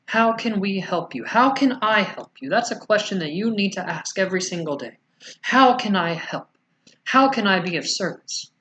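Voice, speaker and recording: A man channeling a spiritual message as a collective "we", speaking slowly and soothingly with gentle rhetorical questions. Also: high-pitched, a little hiss or hum. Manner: slow, soothing, rhetorical questions ending in "yes?".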